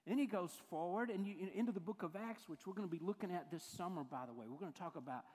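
A man's voice: sits high, fast, a little mellow. A male pastor, giving a conversational sermon full of acted-out quotes. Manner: conversational storytelling, acts out quoted voices. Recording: hall reverb.

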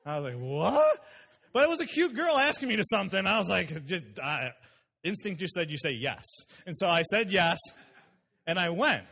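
High-voiced animated male preacher. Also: fairly quick, gravelly. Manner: animated, acts out quoted people. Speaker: pastor. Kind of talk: sermon with storytelling.

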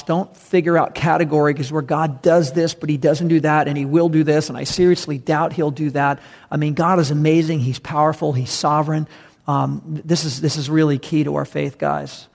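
Pastor dude preaching, gravelly voice, kinda high, chatty and emphatic. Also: male voice, darkish tone, long reverb tail. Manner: conversational, emphatic, addresses congregation as guys. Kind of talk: sermon.

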